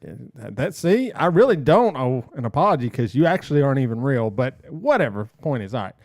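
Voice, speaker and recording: A man hosting a casual podcast, jokey and animated and quick to laugh. His voice sounds dark and mellow, recorded dry and close with no room sound. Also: medium pitch, no echo. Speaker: podcast host. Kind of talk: casual chat.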